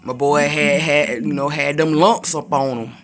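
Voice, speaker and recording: A man's voice: fairly high pitch, fairly even intonation, normal speed, fairly bright tone, soft background music. A man giving a casual, slangy talk of encouragement, full of conversational asides. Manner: slangy, conversational, repetitive fillers. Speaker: preacher.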